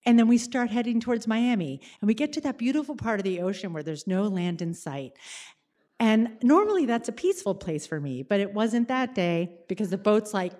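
A woman telling a personal story to an audience, animated and dramatic, slowing down for suspense. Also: medium pitch.

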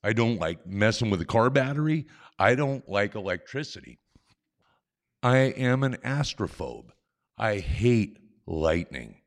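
Older male storyteller with a lower voice, animated and self-deprecating, chuckling through a story into a stage mic. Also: a little slow. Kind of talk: live personal storytelling. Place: on stage at a live event. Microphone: stage microphone.

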